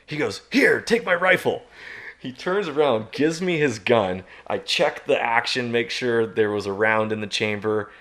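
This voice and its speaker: A man guest on a podcast, telling a story in a casual, animated way and chuckling at himself. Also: mid-range voice, moderate pace, few pauses. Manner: animated, self-mocking, chuckles at his own story.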